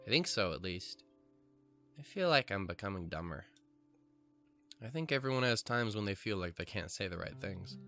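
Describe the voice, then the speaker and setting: A man voicing a quiet, dreamy young female art student in a visual novel, with soft, halting, spacey delivery over guitar music. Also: fairly low pitch, pitched below the performer's own voice.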